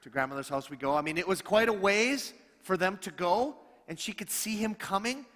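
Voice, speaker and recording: At a moderate pace, a middle-aged male pastor tells stories in a sermon, his slightly high, animated voice taking on the voices of the people he describes. His words echo with a long reverb off the church sanctuary.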